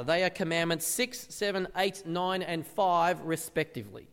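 Male pastor, sermon, conversational with rhetorical questions, high animated voice, reverberant church hall. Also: normal speed, few pauses, clean tone. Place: church service.

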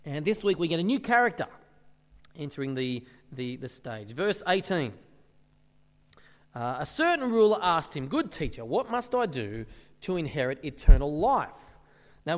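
A man's voice: sits high, in a large hall. A man preaching a sermon in a church service. He talks conversationally and asks the congregation rhetorical questions. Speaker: pastor.

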